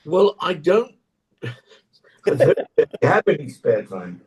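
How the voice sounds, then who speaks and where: A man's voice: fairly high pitch, very animated, takes it slowly, a little mellow, slightly rough. An older man with an English accent, an actor chatting in an interview over a tablet video call, rambling through anecdotes. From England. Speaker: actor guest. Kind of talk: casual interview chat.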